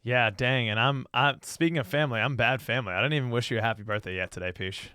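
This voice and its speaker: A man's voice: medium pitch, fast talker, sharp tone, slight background noise. A man co-hosting a casual sports podcast, joking and teasing his cousin in an easygoing way. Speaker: podcast co-host.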